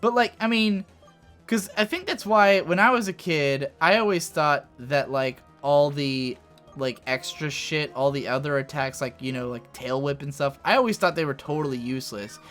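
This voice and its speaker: Young male let's play host, chatty and profane, bright edgy voice over quiet game music. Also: on the high side, normal speed. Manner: rambling, swears freely, excitable outbursts. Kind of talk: casual gameplay commentary.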